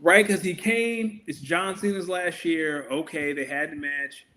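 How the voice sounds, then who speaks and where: A man with a high voice talks in casual podcast chat. His banter is profane and incredulous. A faint hiss sits under his voice. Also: unhurried, pushed and bright.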